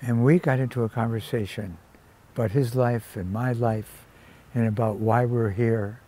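Older male interviewee, animated raconteur, warm tone. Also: medium pitch, normal speed. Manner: animated storyteller who acts out quoted voices. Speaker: interviewee, celebrity hairdresser. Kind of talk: storytelling anecdotes.

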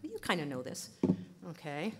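A woman linguist giving a lively conference lecture, chatty, laughing often and saying "okay" a lot. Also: low voice, moderate pace, slightly rough.

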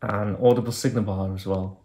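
A man's voice: lowish voice, steady tone, normal speed, mellow. A man reviewing an old phone, talking casually and thinking aloud with hesitant fillers as he clicks through menus. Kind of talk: casual hands-on product demo.

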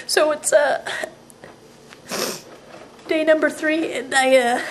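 A young woman acting in a home comedy sketch, mumbling and whispering groggily, then bursting into frantic shouts. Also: high voice, steady tone, slow, long pauses, slight background noise. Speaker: comedic video sketch performer. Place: home kitchen.

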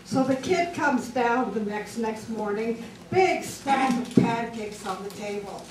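A woman stand-up comic works through a string of jokes at an unhurried, drawn-out pace, with a fairly high voice. She pauses on fillers between lines. The sound is roomy and distant, taken from out in the club, with clear noise around her. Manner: deliberate, drawn-out joke delivery with filler pauses. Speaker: stand-up comedian. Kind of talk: stand-up joke telling. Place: comedy club stage.

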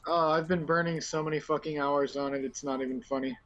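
A man's voice: a little high, steady tone, a little fast, a bit bright, lo-fi sound. A man chatting casually while gaming, blunt and swearing freely. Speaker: gamer.

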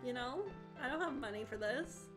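A woman's voice: fairly high pitch, animated, moderate pace, music in the background. A woman streamer chatting playfully through a game, laughing often and reading the game's dialogue aloud. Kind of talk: casual gameplay commentary.

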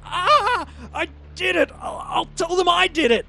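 A man voicing a panicked middle-aged male executive who swears and begs for mercy in a frantic, high-pitched shout. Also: lively intonation, measured pace, creaky, heavily acted.

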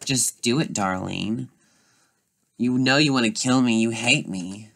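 A bitter middle-aged mother who has been drinking again, as a doll-drama performer puts her on. She speaks slowly and harshly and hurls accusations at her daughter. Her pace drags. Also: medium pitch, creaky, a bit bright. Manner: harsh, accusing, slow and cutting.

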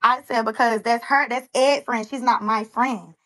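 A woman's voice: on the high side, fairly even intonation, moderate pace, bright, forceful tone. A woman insistently defending what she said on a group phone call. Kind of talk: heated phone call argument.

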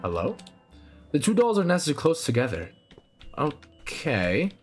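Young male let's-player, excitable and profane, slightly high and very animated voice, faint game music behind. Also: takes it slowly. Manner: excitable, swears, jumps to loud startled yelps; laughs often, talks to characters. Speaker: gaming channel host. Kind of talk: let's play commentary.

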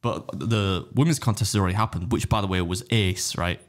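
A man on a podcast rattles through stories in a lowish voice, slipping into quick put-on voices to quote people. He talks at a brisk clip and swears freely. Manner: rapid anecdotal storytelling, acting out others' quotes. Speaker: podcast co-host and competitive eater. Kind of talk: casual podcast chat.

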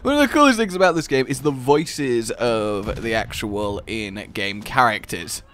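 A young man hosting a gaming video, giving excitable, jokey let's-play commentary and shouting during the action. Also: mid-range voice, a little slow, slight background noise.

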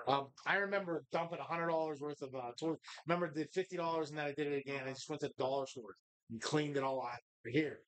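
A man's voice: on the high side, fast talker, a bit bright. A man hosting a live bar show, chatting casually in a rambling, profane, jokey way.

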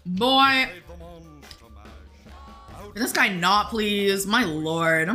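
Speaking extremely slowly in an expressive, sharp mid-range voice, this woman chats over soft background music. During her live gaming stream she keeps things casual, reading out chat messages and replying to her viewers as they come in.

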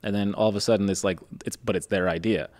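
A man hosts a relaxed interview in a low voice. He talks at a quick clip and acts out little quoted exchanges as he tells his stories. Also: dry recording. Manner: quick, animated storytelling with acted-out quotes. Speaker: podcast host. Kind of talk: casual interview chat.

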